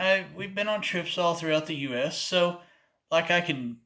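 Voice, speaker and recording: A man with an Oklahoma accent talks in a loose, folksy ramble. His voice sits a little high and has a bright, forceful edge. He delivers it as a comedy skit monologue. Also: unhurried, pauses often. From southeast Oklahoma. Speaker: comedic performer.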